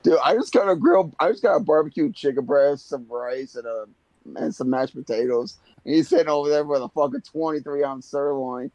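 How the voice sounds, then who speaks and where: A man's voice: a little high, a little fast, a little mellow, no echo, muffled recording. A young man co-hosting a podcast, brash and joking, swearing freely in casual chat. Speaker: podcast co-host.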